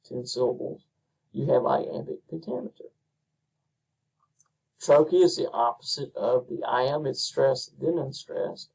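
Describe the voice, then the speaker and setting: Gravelly man lecturing from a distance. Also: medium pitch, a little mellow. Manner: unhurried, with frequent ums and uhs. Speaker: instructor. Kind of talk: recorded lecture.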